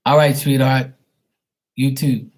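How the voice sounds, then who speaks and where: A man's voice: medium pitch, steady tone, slow, a little mellow. A man chatting casually to his viewers by name on a late-night livestream, rambling and teasing. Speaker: livestream host reading paid questions.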